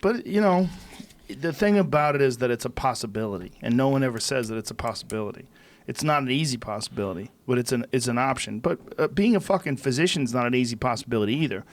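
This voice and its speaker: Man hosting a casual podcast, mid-pitched, reflective and talkative. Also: lively intonation, fast talker. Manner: reflective, explains at length. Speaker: podcast host. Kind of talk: casual chat.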